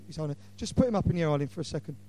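A middle-aged man delivers an impassioned sermon in a mellow, warm voice that sits a little high. He swings between loud declarations and hushed asides. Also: lively intonation, racing. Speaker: preacher. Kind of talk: evangelistic sermon.

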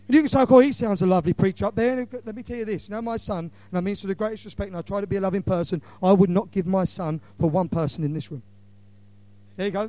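A middle-aged man with a high-pitched voice preaches an impassioned evangelistic sermon, swinging between loud declarations and hushed lines.

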